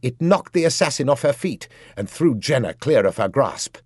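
Male audiobook narrator, expressive storytelling, husky, dry booth sound. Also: mid-range voice, moderate pace, no echo. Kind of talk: scripted narration.

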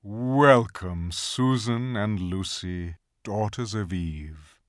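A man doing a deep, majestic lion. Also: dry recording, studio quality. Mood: solemn. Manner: calm, solemn, measured. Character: majestic male lion, deep and rich-voiced. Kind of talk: audiobook character voice.

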